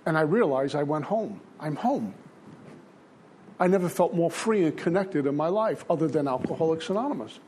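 A man's voice: on the high side, animated, moderate pace, dark tone, a little hiss or hum. Earnest older man telling his story. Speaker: recovery speaker. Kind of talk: personal testimony talk.

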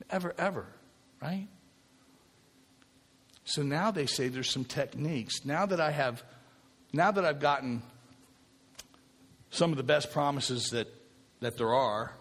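A man's voice: mid-range voice, measured pace, long pauses, fairly bright tone. Man speaking to a recovery group in a reverberant hall. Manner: conversational, often asks "right?" and repeats himself. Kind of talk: spiritual talk to a recovery group.

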